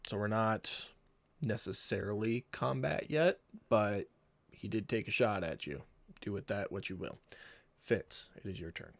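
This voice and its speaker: A man's voice: on the low side, unhurried, gravelly. A man running a tabletop game online as game master, explaining rules in an easygoing, patient way.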